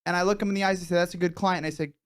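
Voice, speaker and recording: Deadpan man bluffing through an interview. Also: sits high, very fast. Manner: deadpan, bluffing salesman bravado. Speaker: mock job interviewee. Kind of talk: improv comedy.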